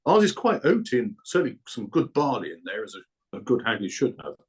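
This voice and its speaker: A male guest, a food producer, talking with enthusiasm in casual chat and clearing his throat often. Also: mid-range voice, sing-song, quick pace.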